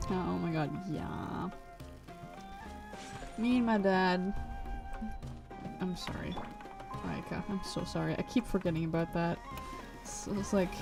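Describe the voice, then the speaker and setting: Streaming a game, a woman with a fairly low, creaky voice chats in a loose, foul-mouthed way. She interrupts herself mid-sentence as she goes. The game's music is loud in the background.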